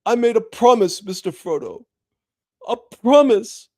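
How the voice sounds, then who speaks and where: A man voicing a loyal young male hobbit gardener, in a high, strained, heartfelt voice. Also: sing-song, measured pace, no room sound, clean studio sound, full character voice. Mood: fervent.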